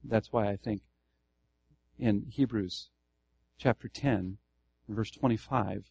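A man's voice: on the low side, takes it slowly, vocal fry, a little mellow, slightly rough, no echo. A man teaching Scripture to a church group, earnest, restarting phrases and putting questions to the room. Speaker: Bible teacher. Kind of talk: Bible study teaching to a congregation.

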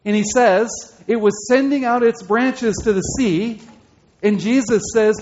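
A man preaching an expository sermon, slowing down and repeating key phrases for emphasis. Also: high voice, a little mellow, slight background noise. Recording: dull lo-fi sermon recording.

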